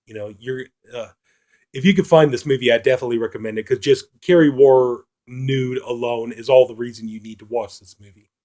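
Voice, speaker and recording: A man's voice: mid-range voice, brisk, warm tone. A man reviewing a film in a casual, rambling retelling, full of fillers.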